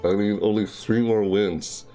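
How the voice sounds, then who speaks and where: This young man chats loosely during a live gameplay stream, with lots of rambling, repetition, and self-correction. He speaks unhurriedly in a fairly low, mellow voice with fairly even intonation, and soft music plays underneath.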